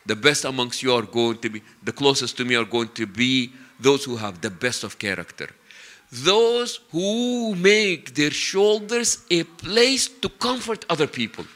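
A man preaching a sermon with animated storytelling, stretching out key words for emphasis and sprinkling in Arabic religious phrases. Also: mid-range voice, a little slow.

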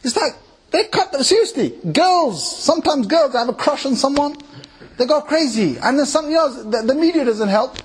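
A married man with three kids preaching an informal sermon to a live audience, animated, mimicking people and asking the audience questions. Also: extremely high pitch, moderate pace. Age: adult, married with three kids.

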